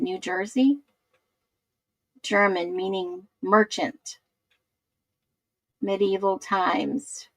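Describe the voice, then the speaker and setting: A woman hosts a casual livestream, reading viewers' comments and musing aloud while she searches for things. She speaks slowly, in a mid-range voice. The sound is dry and close, with little room echo. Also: mid-range voice. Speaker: livestream host.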